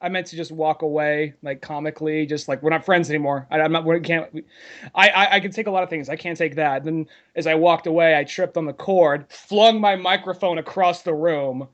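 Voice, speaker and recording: A man's voice: a little high, a little fast, lo-fi sound. A man co-hosting a casual podcast who rambles, restarts his sentences and loses his train of thought. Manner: rambling, with many fillers and trailing thoughts. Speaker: podcast co-host. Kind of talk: casual chat.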